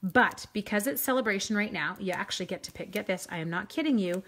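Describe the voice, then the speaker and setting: A woman's voice: mid-range voice, animated, fast, a bit bright. Chatty woman demoing crafts live. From Canada. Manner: chatty, upbeat, greets live viewers by name. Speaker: card-making demonstrator.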